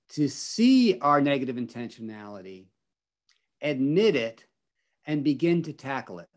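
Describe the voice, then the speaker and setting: A man leading an online spiritual workshop on a video call, encouraging the group and repeating back their answers. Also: mid-range voice. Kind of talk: teaching an online group session.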